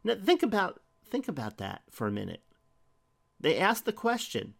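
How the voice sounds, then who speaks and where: A man's voice: high voice, huge pitch swings, moderate pace, creaky, fairly bright tone. A middle-aged man preaching a sermon in a conversational way, asking rhetorical questions and reading scripture aloud.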